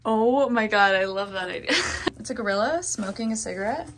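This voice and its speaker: This is a woman from Colorado with a Mountain West accent, talking casually in a home vlog. She is playful and giggly, with a mid-pitched voice. Faint kitchen noises sit in the background. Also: fairly quick, noisy background. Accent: American Mountain West. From Colorado, USA. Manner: playful, giggly, trying out Arabic words. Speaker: vlogger. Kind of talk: casual couple vlog chat.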